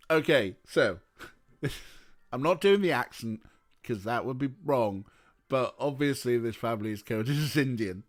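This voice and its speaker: A man streaming a point-and-click game, chatting lively and laughing easily between lines of dialogue. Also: mid-range voice, measured pace. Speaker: let's play streamer. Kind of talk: game commentary, reading dialogue aloud.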